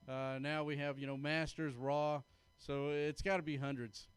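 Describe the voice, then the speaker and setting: Male guest, company founder, smooth, slightly high voice, plain and proud. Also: fairly even intonation, moderate pace. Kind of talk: live event interview. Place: at a live powerlifting meet.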